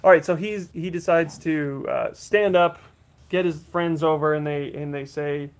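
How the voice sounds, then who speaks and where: A man running a tabletop role-playing session, describing the scene in a rambling, restart-heavy way. His voice is gravelly with fry and sits somewhat high for a man. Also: fairly even intonation, measured pace. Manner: rambling, many fillers and restarts. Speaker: game master. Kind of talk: narrating a tabletop game livestream.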